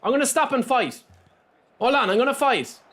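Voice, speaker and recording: Man, Irish accent, gaming streamer, casual chat with viewers, high-pitched, very animated pitch. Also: normal speed, slight background noise. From Ireland. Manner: talks straight to chat, reads out and answers viewers' messages. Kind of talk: casual live-stream chat while playing.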